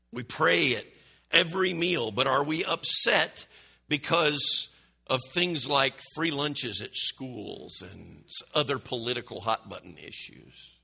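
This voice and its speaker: A man's voice: medium pitch, gravelly, sharp tone, breathy edge. A man preaching a conversational sermon, full of rhetorical questions and self-corrections. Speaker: pastor.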